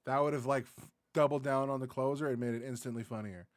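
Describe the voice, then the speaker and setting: A man's voice: medium pitch, steady tone, quick pace, no echo, studio quality. A man from Arizona giving a casual, profane reaction rant as a YouTube commentator, rambling and laughing a lot. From Arizona, USA.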